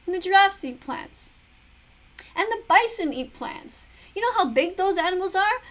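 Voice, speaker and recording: A woman's voice: very high-pitched, animated, normal speed, fairly bright tone. A middle-aged woman giving preachy, earnest commentary on a video, full of rhetorical questions. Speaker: vegan commentator reacting to a video. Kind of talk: casual commentary to camera.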